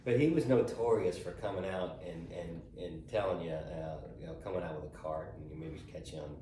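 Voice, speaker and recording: A man's voice: low voice, fairly quick. A middle-aged man, a golf caddie, telling stories in a casual interview, stopping and restarting often with repeated words. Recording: roomy sound, voice from far off, faint noise.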